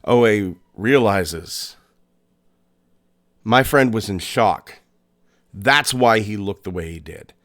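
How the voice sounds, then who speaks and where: A man hosting a podcast, narrating a scary story in a suspenseful way, with pauses and restarts. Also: lowish voice, fairly bright tone. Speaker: podcast host.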